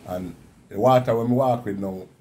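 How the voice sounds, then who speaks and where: A man's voice: mid-range voice, normal speed, warm tone. A man in his fifties from Jamaica with a Jamaican Patois accent, animatedly telling his own survival story and repeating words for effect. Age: 50s. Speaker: interviewee.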